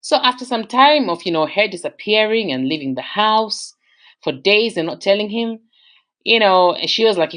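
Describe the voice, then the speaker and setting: Australian woman telling a story animatedly. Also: normal speed. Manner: animated, conversational, shifts pitch for emphasis. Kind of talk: casual storytelling.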